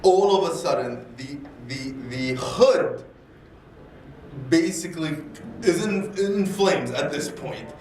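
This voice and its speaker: Man, casual animated storytelling, restarts and repeats words, very echoey room, faint background hum. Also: on the high side, takes it slowly. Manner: animated, acts out dialogue in voices. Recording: echoey room, distant mic, faint ambience.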